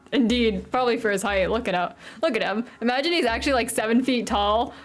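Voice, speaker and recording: A woman's voice: a little high, normal speed, soft background music. A woman streamer in casual let's-play commentary, chatty and self-deprecating, laughing often.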